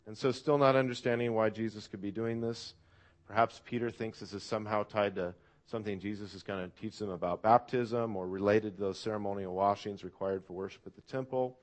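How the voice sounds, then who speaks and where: A man's voice: fairly low pitch, a little fast. A man preaching a sermon to a church congregation in an earnest, reflective way. He often asks the listeners questions and uses "uh" fillers. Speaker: pastor.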